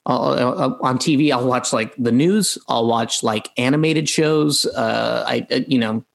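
A man, an actor, answering interview questions casually, halting with many fillers and restarts. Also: mid-range voice, gravelly, rough recording.

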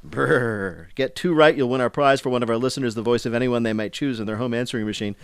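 Man, quiz show host, mid-pitched and wry, dry studio sound. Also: fast, smooth, no room sound. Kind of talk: comedic talk show hosting.

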